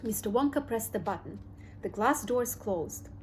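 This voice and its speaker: A woman narrating a children's storybook in a steady, clear read-aloud delivery. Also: fairly high pitch, normal speed, slight background noise, low-quality recording. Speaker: audiobook reader.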